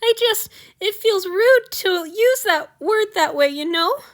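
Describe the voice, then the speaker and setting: A clumsy, anxious young servant , put on by a woman reading aloud, squeaks his apologies and tumbles into babbling. The voice sits high above her own and rings bright. It belongs to a spoken storybook. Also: a little slow, smooth.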